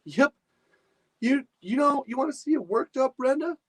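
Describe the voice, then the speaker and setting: A man's voice: very high-pitched, animated, normal speed, slightly rough, voice pushed up, exaggerated voice. A man voicing a cheerful mother who gushes about office supplies in a raised, sing-song voice. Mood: gushing.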